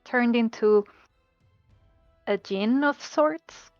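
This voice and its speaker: A woman's voice: fairly high pitch, extremely slow, no echo, faint music behind. Playful woman player, dry dull sound. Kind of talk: in-character tabletop role-play.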